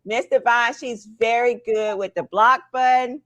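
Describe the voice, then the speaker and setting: At a measured pace and in a high-pitched voice, a woman hosts a casual livestream, chatting animatedly with her viewers directly. She frequently caps her remarks with "right?" and "okay?".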